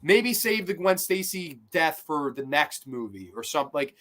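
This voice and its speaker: Excitable man hosting a film podcast. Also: on the high side, normal speed. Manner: animated, swearing, acts out quotes. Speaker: podcast host. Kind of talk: casual film discussion.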